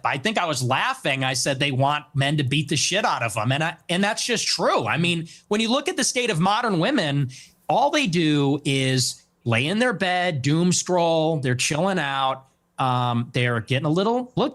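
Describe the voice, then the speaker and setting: A man's voice: fairly high pitch, big pitch swings, moderate pace, a bit bright. A man in his twenties, a guest in a heated debate, answering with combative, dismissive retorts. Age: 20s. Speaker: interview guest.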